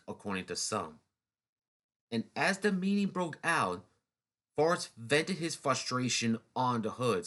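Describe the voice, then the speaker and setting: A man's voice: mid-range voice, a bit bright. A man narrating a history video in a loose, chatty way, with restarts and snarky asides. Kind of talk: casual unscripted history talk.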